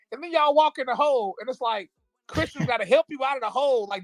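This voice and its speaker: A man's voice: extremely high pitch, a bit bright, no room sound, rough recording. A man hosting a live stream, arguing heatedly with frequent restarts and bursts of laughter. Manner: impassioned, laughing, fast bursts with repeated restarts. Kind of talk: heated political talk.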